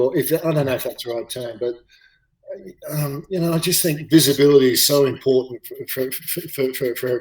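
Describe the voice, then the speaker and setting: Halting Australian man, roomy and distant. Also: mid-range voice, darkish tone. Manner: halting, many fillers and repeated words. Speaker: interview guest, former rugby league player. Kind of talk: casual chat, storytelling.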